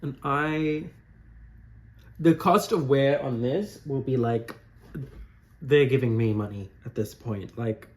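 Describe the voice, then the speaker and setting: A man's voice: mid-range voice, slow pace, long pauses. A young man hosting an unedited drag makeup tutorial at home, chatting in a campy, rambling, gossipy way as he works. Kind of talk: casual chatty talk while doing makeup. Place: warm room at home.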